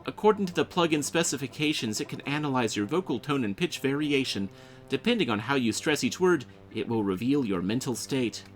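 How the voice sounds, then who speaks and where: A man's voice: mid-range voice, animated, brisk, voice pushed up, natural voice. A man voicing a cheerful, overly friendly male AI assistant program in a game. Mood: informative. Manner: chirpy, overly friendly, calls the player friend.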